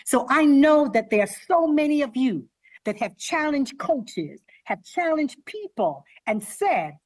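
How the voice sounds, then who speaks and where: A woman author telling a story to students, speaking to them directly as an animated storyteller. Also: high voice, a little slow, no room sound, clean studio sound. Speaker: children's author visiting schools.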